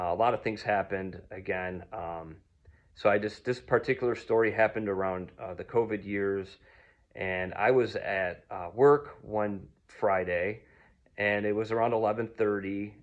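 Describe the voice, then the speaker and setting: A man's voice: fairly low pitch, highs cut off. A man from telling a personal story in a casual, rambling way, full of ums and restarts. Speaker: vlogger.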